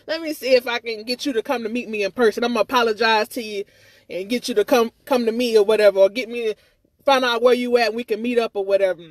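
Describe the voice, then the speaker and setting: A woman's voice: a little high, fairly even intonation, fast talker, no echo. A woman in a casual live-stream rant, agitated and rambling, repeating herself and swearing, with speech. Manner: swears freely, stammers on restarts. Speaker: livestreamer.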